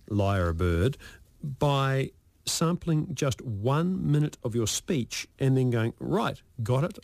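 A man's voice: medium pitch, a little mellow, dry recording. A male radio host, chatting in a loose, jokey way and tumbling over repeated words. His voice is close and dry on a studio microphone. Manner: jokey, rambling, stammers on repeats. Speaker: radio talk show host. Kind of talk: casual radio chat.

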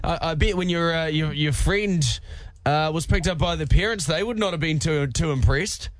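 A man with a New Zealand accent hosting breakfast radio, an animated storyteller who banters with co-hosts. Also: fairly high pitch, moderate pace, dry recording. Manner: animated storyteller, puts on voices. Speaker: radio host. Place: radio studio. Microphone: studio mic.

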